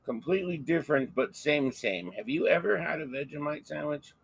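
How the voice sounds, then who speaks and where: A man's voice: a little high, animated, brisk, creaky, husky. A man co-hosting a horror podcast, joking in crude, playful banter. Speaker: podcast co-host. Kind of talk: casual chat.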